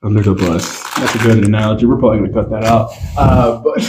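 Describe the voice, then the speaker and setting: A man hosts a loose, casual conversation, cracking jokes and swearing freely. His pitch swings widely and playfully, and he laughs often between lines. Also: wildly swooping pitch, normal speed, few pauses, background noise. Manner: joking, profane, laughs often. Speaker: podcast host. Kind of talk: casual chat.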